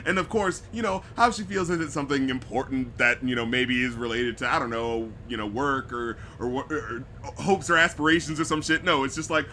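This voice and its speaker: A man's voice: medium pitch, a little fast, hardly any pauses, pushed and bright, a little hiss or hum. A man hosting a casual film review podcast, talking loosely with many fillers and profanity, acting out lines from the movie. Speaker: podcast host.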